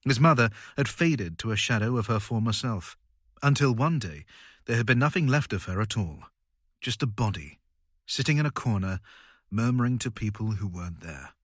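A man reading a story aloud in a measured, dramatic way. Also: fairly low pitch, expressive, breathy edge, dry recording, clean studio sound. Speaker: audiobook narrator. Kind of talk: scripted narration.

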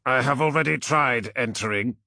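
A man voicing an impatient armored warrior in an audiobook, speaking curtly with a husky voice. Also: mid-range voice, moderate pace, bright, forceful tone, dry recording, pitched above the performer's own voice.

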